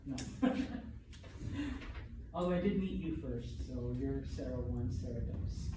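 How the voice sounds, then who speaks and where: A man's voice: mid-range voice, a little slow, background noise. A man teaching a Spanish class in a chatty way, laughing often and checking in with "okay?". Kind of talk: classroom lecture. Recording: roomy classroom from far off.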